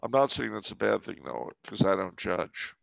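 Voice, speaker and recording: Guy w/ a really gravelly creaky voice, wry storytelling, dry dull-ish sound. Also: on the low side, very animated, normal speed, no room sound. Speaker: podcast host. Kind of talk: storytelling commentary.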